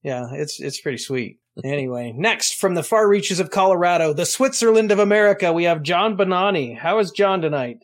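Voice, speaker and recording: Male podcast host with a high voice and a folksy, joking way of introducing guests. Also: lively intonation, brisk, few pauses. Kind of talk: casual podcast chat.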